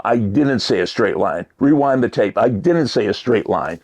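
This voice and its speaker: A man giving a motivational talk, shifting between loud emphasis and near-whispered asides. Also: mid-range voice, expressive, brisk, few pauses. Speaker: motivational speaker.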